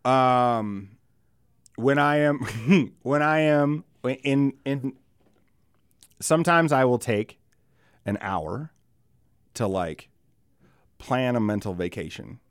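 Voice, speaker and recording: A man's voice: medium pitch, animated, slow, pauses often, smooth, dry recording, studio quality. A man co-hosting a podcast in casual chat, rambling and profane, often breaking into laughter. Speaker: podcast co-host.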